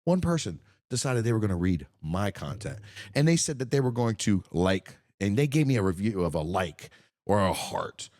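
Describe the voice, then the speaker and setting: A man's voice: fairly low pitch, very animated, normal speed, darkish tone, dry recording, studio quality. A man hosting a casual podcast, talking in an emphatic, profane, ranting way. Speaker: podcast host.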